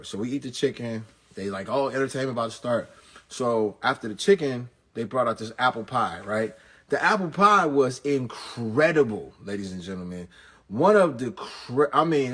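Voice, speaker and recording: Man, husky voice, middle pitch, joking, comic story recap. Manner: animated, jokey, rapid asides and punchlines. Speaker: pastor.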